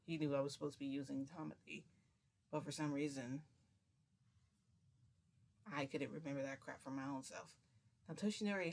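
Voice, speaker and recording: A woman vlogger telling a long casual story to her viewers, chatty and rambling, with many restarts. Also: deep voice.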